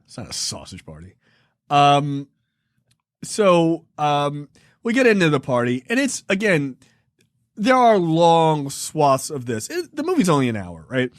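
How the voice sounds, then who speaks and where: A man in his forties casually reviewing films as a podcast co-host, profane and laughing through animated retellings. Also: a little high, measured pace, no echo, clean studio sound. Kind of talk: casual film review chat.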